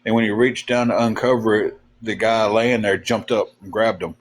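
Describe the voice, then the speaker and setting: A man chatting on a livestream, his voice sitting on the low side. He rambles through folksy stories with plenty of "uh" and "um". His delivery is relaxed and a bit weary. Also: slight background noise. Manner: rambling, folksy, lots of fillers; drawn-out, tired. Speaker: livestream co-host. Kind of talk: casual livestream chat, storytelling.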